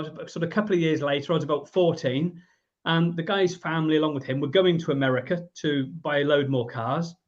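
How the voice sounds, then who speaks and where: English man in his fifties, muffled audio. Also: a little high. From England. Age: 50s. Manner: lively storyteller, briefly voicing the people in his story. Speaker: guest, business owner. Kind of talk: storytelling in a podcast interview.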